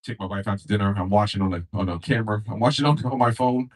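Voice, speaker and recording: A man's voice: lowish voice, quick pace, far from the mic. A young man doing a loose, profane stand-up set, acting out characters in shifting voices. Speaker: stand-up comedian.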